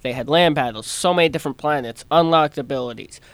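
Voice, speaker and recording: A man co-hosting a casual gaming chat, eager and bursting into quick runs when excited. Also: a little high, no room sound. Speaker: podcast co-host.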